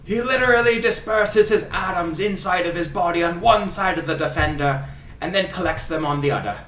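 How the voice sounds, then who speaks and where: A man's voice: sits high, fairly quick, a bit bright, a little hiss or hum. A man doing a fake Scottish accent as a flowery, over-the-top soccer commentator, with theatrical delivery. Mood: gushing. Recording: echoey room, mic at a distance.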